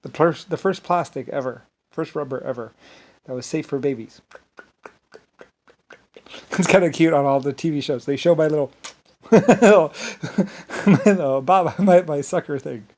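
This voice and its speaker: A man's voice: on the high side, moderate pace, pauses often, darkish tone. Rambling, grandiose man talking alone. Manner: grandiose, meandering, repeats himself. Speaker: solo speaker. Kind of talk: rambling unscripted monologue.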